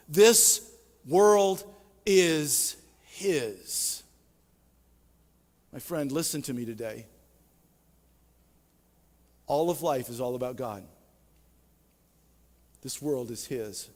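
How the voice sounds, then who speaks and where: Male pastor, high voice, emphatic preaching style, church hall reverb. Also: fairly bright tone. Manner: preaching with emphatic swells and drops. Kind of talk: sermon. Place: church sanctuary.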